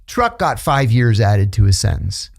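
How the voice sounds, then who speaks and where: A middle-aged former intelligence officer, speaking at a measured pace in a fairly low voice, is a guest on a casual podcast. He's an animated storyteller who acts out the voices of the people he quotes.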